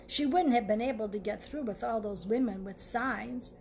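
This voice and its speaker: A cheerful young newlywed woman chatters away to herself in a fairly high voice, as a woman storyteller reads her part. The storybook tone stays light over a faint hiss. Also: moderate pace, creaky, darkish tone. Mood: chatty.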